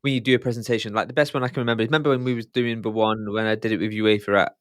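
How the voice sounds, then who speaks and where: A man's voice: on the low side, steady tone, racing, no echo, studio quality. A man hosting a podcast, asking rambling, self-correcting questions in casual talk. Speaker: podcast host.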